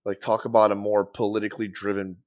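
A man's voice: on the low side, little pitch movement, quick pace. A young man chatting as a musician guest, rambling and profane, with lots of fillers. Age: young adult. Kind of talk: casual podcast chat.

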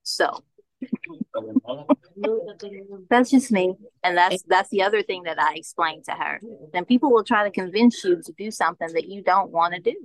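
A woman's voice: lowish voice, fairly quick, dry recording, poor audio. A woman speaking as a guest in a podcast discussion, blunt and firm. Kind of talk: casual group discussion.

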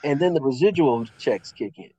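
A man's voice: medium pitch, brisk, muffled recording. A middle-aged man, an actor and interview guest, telling a long story in a casual way, acting out what people said with lots of "I was like.". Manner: animated, acts out quoted dialogue with 'I was like'.

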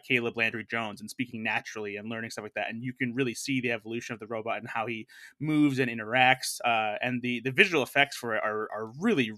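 A man's voice: mid-range voice, pushed and bright, no echo, clean studio sound. A man co-hosting a film podcast, reviewing movies in a rambling, earnest way with many fillers and restarts. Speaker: film editor, podcast co-host. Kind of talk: casual film review chat.

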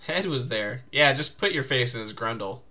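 Bright, lively male co-host, laughs easily, rambling banter. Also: medium pitch, normal speed, dull audio. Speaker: podcast co-host. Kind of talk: casual chat.

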